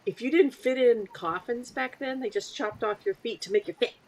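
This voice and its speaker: A woman's voice: a little high, normal speed, darkish tone. A woman co-hosting a casual podcast, eager and chatty, often repeating her first words as she starts a thought. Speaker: podcast co-host. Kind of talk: casual group chat.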